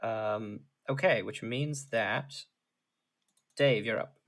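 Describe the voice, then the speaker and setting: A man narrating as game master of a tabletop game, explaining rules in a relaxed way and laughing easily. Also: fairly low pitch, takes it slowly.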